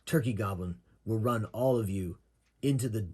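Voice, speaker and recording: A man's voice: on the low side, moderate pace, a little mellow, husky. A man voicing an insolent, boastful goblin prisoner who answers with rude taunts. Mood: ranting.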